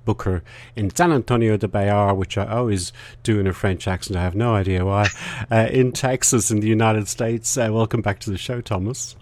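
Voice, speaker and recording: A man's voice: fairly low pitch, steady tone, normal speed, darkish tone, no room sound. A man hosting a casual chat show, talking in rambling, chatty asides. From Australia. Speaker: host.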